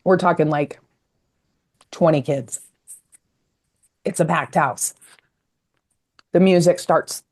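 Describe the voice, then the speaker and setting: Low-voiced reflective woman in her fifties. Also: takes it slowly, long pauses. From Colorado, USA. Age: 50s. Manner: rambling, reflective, emotional storytelling with fillers. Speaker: podcast guest, communication coach. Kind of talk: casual interview storytelling.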